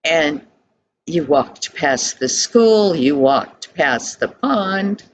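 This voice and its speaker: An older woman voicing a kind, wise father who speaks calmly and questions gently. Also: deep voice, very slow, slight background noise, exaggerated voice, low-quality recording. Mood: gentle.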